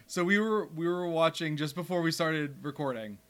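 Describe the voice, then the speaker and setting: A young man co-hosting a podcast in casual banter, rambling wryly, laughing often and trailing off into lower mutters. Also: moderate pace. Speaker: podcast co-host.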